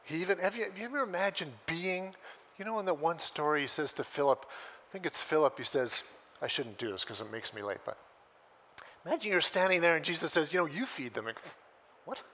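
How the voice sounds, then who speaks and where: Bright-voiced man preaching with animated storytelling. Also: fairly high pitch, fairly quick. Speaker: pastor. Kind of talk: sermon.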